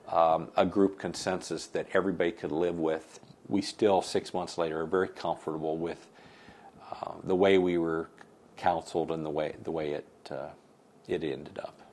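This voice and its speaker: A bereaved father speaking haltingly and thoughtfully in a documentary interview, pausing often. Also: low voice, darkish tone. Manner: halting, reflective, many pauses.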